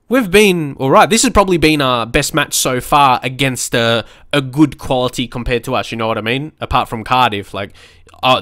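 A man giving excitable let's play commentary on a football management game, shouting at the screen and swearing now and then. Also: mid-range voice, dry recording, studio quality. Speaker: gaming YouTuber.

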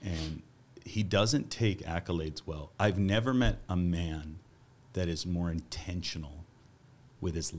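A man hosting a casual interview, earnest and enthusiastic, quoting others with lively voices. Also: low voice, unhurried. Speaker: podcast host.

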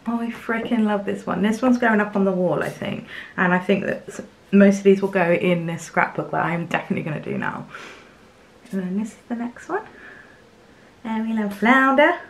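A young woman from England unboxing gifts in her home craft studio, chatty and excitable, with fillers and little laughs. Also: medium pitch, moderate pace, vocal fry. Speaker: craft vlogger. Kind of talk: casual unboxing chat to camera.

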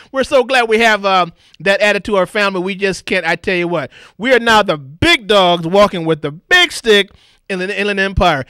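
A middle-aged male radio host in a studio, talking with exuberant, playful energy and a high, bright voice that swings wildly in pitch. His delivery is close and dry, with no room sound around it. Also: expressive, moderate pace, clear, resonant tone, no echo. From Southern California. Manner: exuberant, booming, playful shouting. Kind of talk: lively radio talk show hosting.

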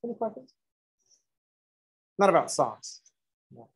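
A man's voice: sits high, sing-song, unhurried, breathy edge, poor audio. A man teaching a math lesson in a classroom, moving from step-by-step explanation into chatty, joking stories and acted-out dialogues. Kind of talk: classroom lecture with joking asides.

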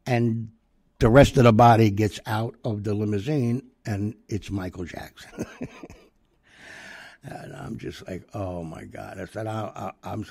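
Gravelly older man telling a story. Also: on the low side, no room sound. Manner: rambling, lively re-enacted dialogue. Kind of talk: casual anecdote telling.

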